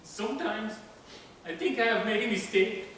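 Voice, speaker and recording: A man on stage playing a sentimental Spanish gentleman with a tender Spanish accent. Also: high-pitched, normal speed, noisy background, close to an everyday voice. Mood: wistful. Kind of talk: stage comedy acting. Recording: echoey stage from far off.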